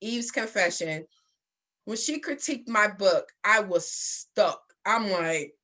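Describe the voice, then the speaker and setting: Bright, bubbly woman writing coach. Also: medium pitch, expressive, takes it slowly. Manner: bubbly storyteller, playful self-mockery. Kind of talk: casual chat.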